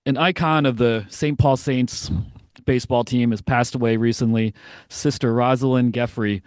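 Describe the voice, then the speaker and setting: A man hosting a baseball podcast, introducing a guest and asking questions in a relaxed, conversational way with frequent fillers. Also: mid-range voice, moderate pace, clear, resonant tone, soft background music. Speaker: podcast host. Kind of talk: casual interview podcast.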